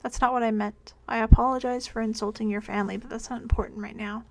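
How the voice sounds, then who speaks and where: A woman's voice: fairly high pitch, fairly even intonation, quick pace, vocal fry. A woman voicing a polite, anxious young man who pleads courteously. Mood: pleading.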